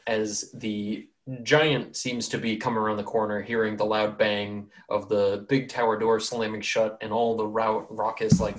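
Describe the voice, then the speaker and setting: A man hosting a tabletop game podcast, narrating casually with many fillers and frequent laughter. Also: lowish voice. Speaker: game master and podcast host.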